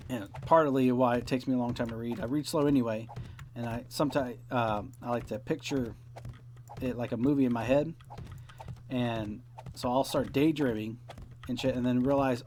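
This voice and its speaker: A man's voice: mid-range voice, fairly even intonation, normal speed, darkish tone, a little hiss or hum. A young man hosting a game let's play, rambling casually, swearing often and acting out quoted dialogue. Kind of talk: casual rambling commentary while playing.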